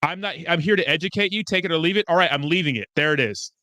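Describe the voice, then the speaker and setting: Male crypto streamer, fairly high and bright, cursing, excitable, dry close sound. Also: fast, dry recording. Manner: profane, excitable, talks back to chat. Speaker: crypto YouTuber host. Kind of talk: livestream commentary answering chat.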